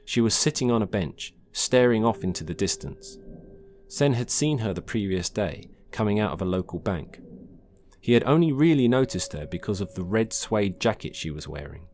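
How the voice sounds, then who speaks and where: A man narrates a story in a calm, measured way. His voice sits very low, and a faint hiss runs beneath the reading. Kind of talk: scripted narration.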